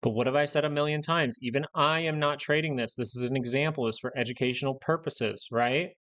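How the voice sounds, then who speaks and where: A young man runs a live stock market stream in a blunt, ranting way. He hammers the same warnings again and again in a mid-pitched voice. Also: a little fast, fairly bright tone. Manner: blunt, ranting, repeats himself for emphasis. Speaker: stock market livestream host.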